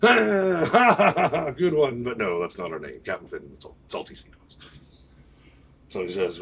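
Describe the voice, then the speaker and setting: A man's voice: mid-range voice, wildly swooping pitch, moderate pace, vocal fry, a bit bright, breathy edge, recorded from a distance. A man from Canada, a pirate band musician telling a wry, rambling story full of quoted dialogue. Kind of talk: casual storytelling.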